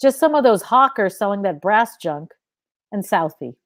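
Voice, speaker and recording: Woman reading as a loud, awkward young soldier. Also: mid-range voice, animated, moderate pace, no room sound, studio quality, lightly acted.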